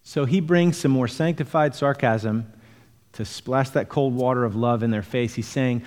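A man's voice: medium pitch, normal speed, a little mellow, big-room sound. A male pastor preaching an earnest expository sermon, explaining scripture verse by verse to his congregation.

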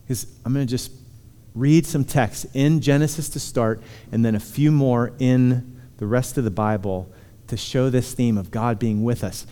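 A man's voice: mid-range voice, measured pace, mellow. A man preaching a sermon, earnestly reassuring his listeners and reading scripture aloud. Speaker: pastor. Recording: hall reverb.

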